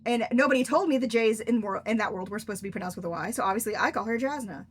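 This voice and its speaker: Racing along in a voice on the high side, a young author-streamer chats casually on her livestream, rambling and laughing a lot. A little hiss or hum sits under the recording.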